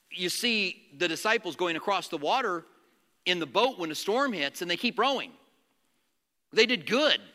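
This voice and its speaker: A man preaching a sermon as a pastor, animated, acting out quotes and asking the congregation questions. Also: a little high, long reverb tail.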